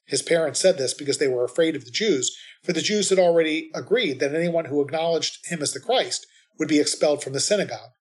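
A man reading the responsorial psalm and scripture readings at Mass in a measured, steady way. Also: a little high.

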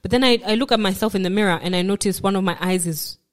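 This podcast guest is a woman of medium pitch recounting something from her own life. Her telling is halting and repetitive, and she imitates what people said to her.

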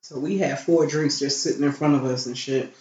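A woman's voice: very deep voice, fairly even intonation, fairly quick, a little mellow, highs cut off. A woman telling a story in casual chat, blunt and profane, acting out the people she quotes. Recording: roomy with faint noise.

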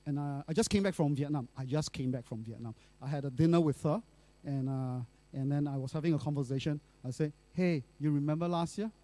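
A man's voice: mid-range voice, fairly quick, dark tone. A middle-aged male pastor, telling a personal story in a sermon in a chatty way, full of fillers and tag questions.

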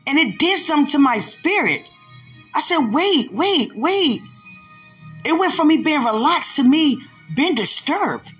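A woman's voice: sits high, big pitch swings, a little slow, a bit bright, soft background music. A woman hosting a devotional podcast, laughing often and talking aloud to God between emphatic, preachy lines. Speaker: podcast host.

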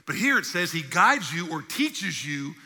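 High bright guy preaching in a church, really lively, big echoey hall sound. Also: measured pace. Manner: animated preaching with acted asides. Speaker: pastor. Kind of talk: sermon. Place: church sanctuary.

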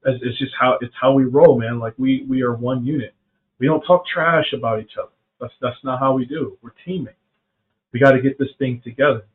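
A middle-aged South Carolina man hosts a faith podcast, his mid-range voice moving a little fast. He talks casually and earnestly in a reflective way, often saying "man" and restarting sentences. The audio sounds narrow, like a phone line.

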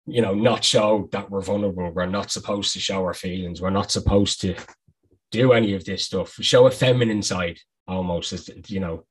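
A man hosts a casual podcast, his voice very low and husky. He talks earnestly, stacking up repeated phrases as he makes his point, with a rough grain that sits under every word. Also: normal speed, rough recording. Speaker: podcast host.

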